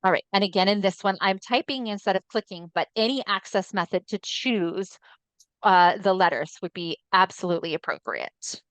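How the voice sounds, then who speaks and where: A woman presenting a webinar in an upbeat, chatty way. Her voice sits at an ordinary pitch and comes through a computer mic on a video call. The sound is dry and close, with no room echo. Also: normal speed, a bit bright. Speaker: assistive technology trainer.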